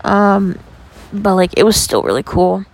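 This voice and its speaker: A young woman from New York, a podcast host, telling stories in a chatty, animated way, full of "like" and casual swearing. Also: mid-range voice, measured pace. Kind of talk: casual storytelling.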